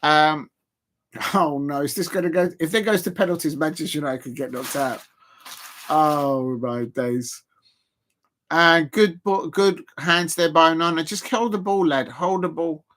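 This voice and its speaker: A man doing live football reaction commentary as a streamer, chatty and quick to exclaim. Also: on the high side, fairly bright tone. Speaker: live watch-along streamer.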